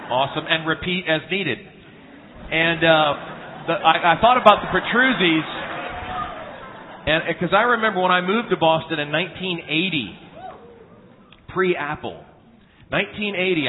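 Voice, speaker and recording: A man's voice: fairly high pitch, a little hiss or hum. A man preaching at a church conference, earnest and humorous, telling homespun stories with frequent restarts. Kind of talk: sermon with anecdotes. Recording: tinny phone-like sound in a reverberant hall.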